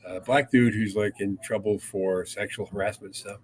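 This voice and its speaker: A man's voice: on the low side, steady tone, moderate pace, slight background noise. Rambling older man telling radio stories. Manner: rambling anecdotes with acted quotes, swearing. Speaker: radio podcast co-host. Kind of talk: casual storytelling chat.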